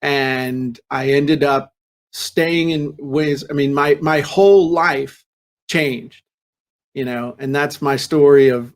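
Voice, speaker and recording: A man hosting a casual business podcast, telling a personal story with lively restarts and repeated words. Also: medium pitch. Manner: laughs easily and jokes. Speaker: podcast host. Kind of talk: casual chat.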